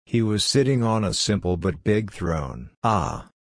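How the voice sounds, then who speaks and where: A man narrating a storybook in a measured, simple reading style. His voice sits low and the recording is close and dry, with no room sound. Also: lively intonation, dry recording.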